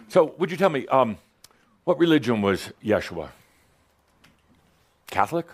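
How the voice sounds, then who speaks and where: A man's voice: mid-range voice, very animated, unhurried, pauses often. A man giving a playful, provocative spiritual teaching talk to a live audience in a workshop room, laughing often.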